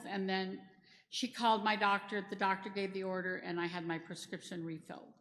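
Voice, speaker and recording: A middle-aged woman delivers disaster response training in a brisk, flat manner, her mid-range voice a bit bright. Though her delivery is flat, the talk itself is chatty and practical, laced with personal stories, recorded in an echoey church hall with long reverb.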